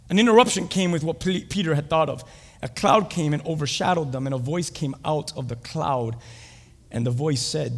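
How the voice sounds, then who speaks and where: Animated preacher in an echoing hall. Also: male voice, mid-range voice. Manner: animated, acts out scenes, asks the congregation questions. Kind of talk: sermon. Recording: reverberant hall.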